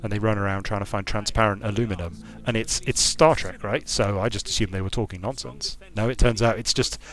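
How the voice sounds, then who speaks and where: A man's voice: fairly low pitch, steady tone, fairly quick, a bit bright. A man giving casual commentary while playing a strategy game, thinking aloud with frequent restarts and repeated words. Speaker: streamer and game designer.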